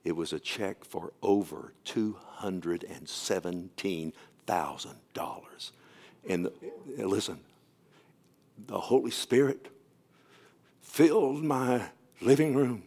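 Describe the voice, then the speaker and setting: A man with a somewhat low voice preaches a sermon as pastor. He tells the story in a personal way, often dropping to a hushed, nearly whispered tone with stammered restarts. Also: slow.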